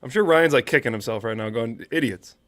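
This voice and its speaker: A man's voice: mid-range voice, fast, dry recording. Teasing, foul-mouthed man, dry sound. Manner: teasing, profane, exasperated. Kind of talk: casual banter on a live show.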